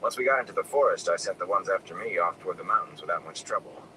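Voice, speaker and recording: A man voicing a wounded, gruff older farmer who speaks in low, weary, hushed tones. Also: fast talker. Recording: distant mic with air conditioning noise.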